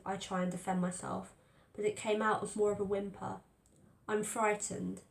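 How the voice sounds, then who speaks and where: A woman reads a first-person story aloud, telling it in a tense, fearful way. Her voice is gravelly with a narrow, flat pitch. The recording carries a roomy echo. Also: moderate pace. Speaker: audiobook reader. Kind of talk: first-person dramatic fiction narration.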